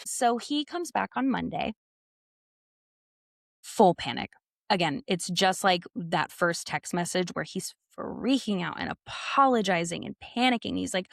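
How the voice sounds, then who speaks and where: A young adult woman, an interview guest, telling a personal story in a lively way and acting out the dialogue she quotes. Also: mid-range voice, normal speed, no echo, clean studio sound.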